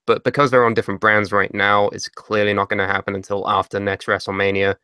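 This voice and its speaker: A man's voice: fairly low pitch, level tone, fast talker, pushed and bright, clean tone, dry recording. Man, podcast co-host, sarcastic, sweary, dry close sound. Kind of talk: casual wrestling podcast chat.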